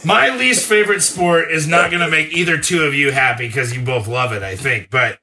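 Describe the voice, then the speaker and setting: A man's voice: on the high side, fairly quick, noisy background. A man in casual podcast debate, giving blunt, emphatic opinions about sports.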